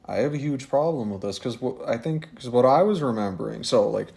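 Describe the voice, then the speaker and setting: A man's voice: medium pitch, expressive, fairly quick, creaky, darkish tone. A man co-hosting a podcast, chatting casually and animatedly with many fillers and restarts. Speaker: podcast co-host. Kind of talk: casual chat.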